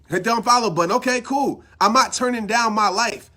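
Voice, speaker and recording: Fired-up high-voiced male motivational speaker. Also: brisk, few pauses, pushed and bright. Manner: fired-up, preachy, repeats phrases for emphasis. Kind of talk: impassioned motivational talk.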